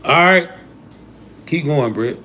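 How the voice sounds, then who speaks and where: A man's voice: on the high side, animated, takes it slowly, bright, forceful tone, a little hiss or hum. Preachy, profane man ranting to his stream. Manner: preachy, profane, hype talk with slang. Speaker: livestream host. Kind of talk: casual livestream rant.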